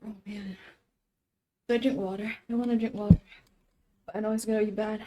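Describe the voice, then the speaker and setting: A woman's voice: mid-range voice, level tone, fast talker, noisy background. A woman streamer chatting casually on a live stream, groaning and laughing as she eats, sniffling from the spice. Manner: chatty, groaning and laughing while eating spicy food. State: sniffling from spicy food.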